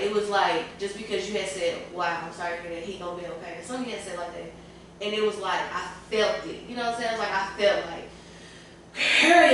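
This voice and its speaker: Woman guest, emotional and candid, sitting back from the mic in a roomy space with steady background noise. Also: on the low side. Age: adult parent. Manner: candid, tearful at times, colloquial. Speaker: podcast panel guest. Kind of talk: emotional casual panel talk. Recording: echoey room, far from the mic, clear room noise.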